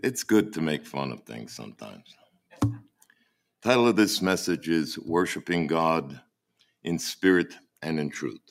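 A man preaching a sermon as pastor, emphatic and often halting to repeat his words, with a dry mocking humour. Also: a bass voice, expressive.

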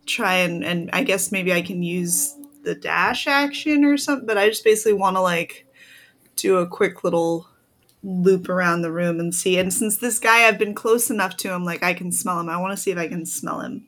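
A woman playing a tabletop game, chatting her character's actions in an unhurried way with lots of fillers. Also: on the low side, a bit bright. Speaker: player. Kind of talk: casual tabletop game play.

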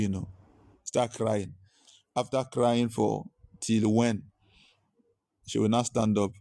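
A man's voice: on the low side, warm tone. A male pastor preaching a sermon, emphatic and repeating his points. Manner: emphatic, repetitive teaching.

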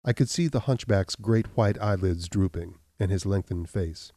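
A man reading a story aloud in an even, measured narration. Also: sits low, no room sound, clean studio sound. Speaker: audiobook reader. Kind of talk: scripted narration.

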